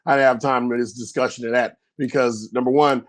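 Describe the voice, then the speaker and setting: A middle-aged man, a former pro football player, telling loose, rambling stories in a casual podcast interview and acting out yelling coaches. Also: mid-range voice, fairly quick. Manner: animated storyteller, acts out coaches yelling; loose, rambling with many restarts.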